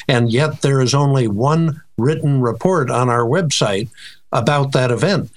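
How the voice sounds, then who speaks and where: An older man from the United States, director of a reporting center, recounting a sighting in an interview with a measured, precise delivery and frequent fillers. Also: mid-range voice.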